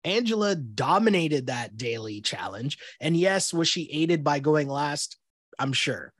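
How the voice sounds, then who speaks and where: Husky-voiced man chatting animatedly. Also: a little high, measured pace, dry recording, clean studio sound. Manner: animated, laughs often, acts out quotes in mock voices. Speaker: podcast co-host. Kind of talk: casual chat recapping a reality show.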